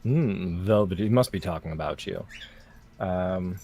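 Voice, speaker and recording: A young man co-hosting a crafting livestream, chatting casually in a jokey, animated way with frequent restarts. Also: sits low, unhurried, creaky.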